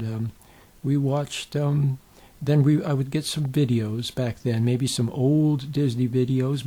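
A man giving an informal spiritual talk in a gentle, folksy storytelling way, often checking in with the listener. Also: mid-range voice, slightly rough. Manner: folksy storytelling with many fillers and restarts. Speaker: spiritual teacher.

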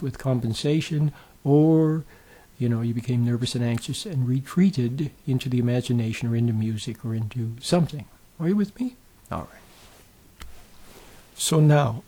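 Male spiritual teacher, gentle folksy talk, warm husky voice. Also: medium pitch. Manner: gentle, repeatedly checks in with the listener; folksy storytelling with many fillers and restarts.

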